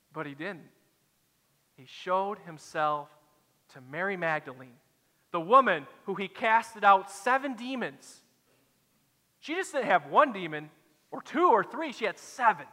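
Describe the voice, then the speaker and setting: A man's voice: high voice, pushed and bright, big-room sound. A man preaching a sermon as a pastor, dramatic and acting out the quoted lines.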